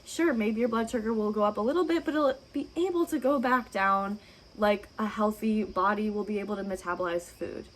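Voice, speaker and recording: A woman's voice: medium pitch, fairly quick, rough recording. A woman dietitian giving advice straight to camera in an encouraging, reassuring way, asking plenty of rhetorical questions. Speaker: registered dietitian. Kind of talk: direct-to-camera advice talk.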